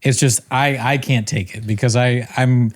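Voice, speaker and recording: A young man co-hosting a podcast tells a rambling, self-mocking story in casual conversation, quick to laugh at himself. His voice is mid-range with a steady tone.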